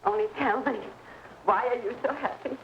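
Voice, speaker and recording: A woman's voice: high voice, sing-song, moderate pace, vocal fry, a loud crowd, full character voice. An actress playing a fussy, gossipy woman customer in mourning in an old film, chatty and meddling. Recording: roomy, dull, noisy old film soundtrack.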